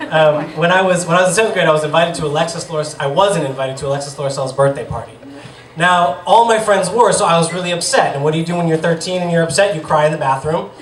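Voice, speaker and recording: On a bar stage before a live audience, a Boston-area man in his thirties tells a humorous, wry, self-deprecating personal story. His voice is on the high side and fairly bright, recorded far from the mic in a noisy, echoey room.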